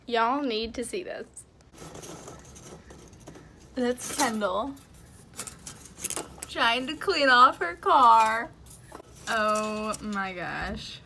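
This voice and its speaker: A woman's voice: fairly high pitch, slow pace, long pauses, bright, forceful tone. A young woman talking playfully, with exclamations, in a casual vlog among friends. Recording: noisy phone recording.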